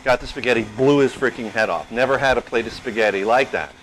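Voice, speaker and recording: A restaurant owner in his fifties talks shop in an easy, anecdotal manner, his voice sitting at an ordinary middle pitch. He tells stories with energy and acts out small quotes. A faint background ambience runs underneath. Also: quick pace, a little hiss or hum, low-quality recording. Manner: animated anecdotal, plays out quotes. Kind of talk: casual storytelling interview.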